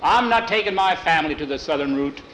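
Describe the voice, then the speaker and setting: Man doing a stubborn scared settler refusing to go, pushy, higher voice, echoey room. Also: animated, quick pace, a bit bright, a little hiss or hum. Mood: defiant. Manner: defiant, insistent. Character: stubborn, fearful settler man defying the wagon master.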